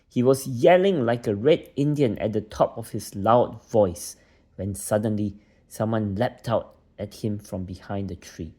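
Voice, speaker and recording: Father reading a bedtime story; deep, mellow, slow delivery. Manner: gentle storybook reading with voiced characters.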